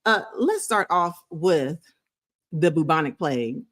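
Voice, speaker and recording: A woman's voice: low-pitched, animated, unhurried, fairly bright tone. A middle-aged woman doctor from the US South, hosting a casual medical video and answering a commenter in an emphatic, sassy way. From Florida, US South.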